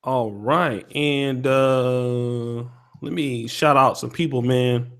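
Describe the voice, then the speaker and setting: A man's voice: mid-range voice, fairly even intonation, measured pace, a bit bright, no echo, clean studio sound. A man hosting a podcast, laid-back and joking as he reads out viewer donations. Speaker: podcast host. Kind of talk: casual podcast talk, reading donations.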